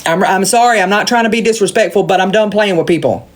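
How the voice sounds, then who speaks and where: A Southern-accented woman rants on a phone livestream, blunt and foul-mouthed, driving her points home by saying them again and again. She speaks quickly in a mid-range voice, with a slight hiss or hum in the audio.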